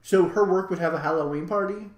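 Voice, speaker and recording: This man talks fast in a high-pitched voice, playing the characters in his anecdotes as he chats casually on a podcast he co-hosts. His storytelling is lively, with quotes acted out. The recording has a roomy feel.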